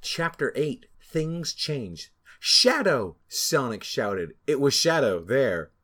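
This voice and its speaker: A man's voice: mid-range voice, sing-song, takes it slowly. A man co-hosting a comedy podcast, sarcastic and incredulous as he riffs on a story and reads aloud. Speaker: podcast co-host. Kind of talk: comedic banter and reading.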